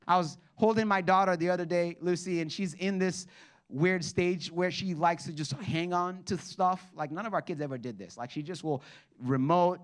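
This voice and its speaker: A young adult male pastor giving a casual, animated sermon, often repeating and restarting words as he tells stories. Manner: animated, rises high when acting out stories.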